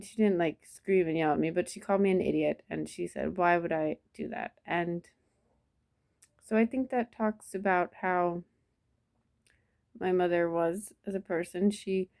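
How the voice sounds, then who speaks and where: A woman telling a personal memory in a soft, reflective way, with many pauses and restarts. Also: lowish voice, creaky. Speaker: vlogger. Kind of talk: personal storytelling to camera.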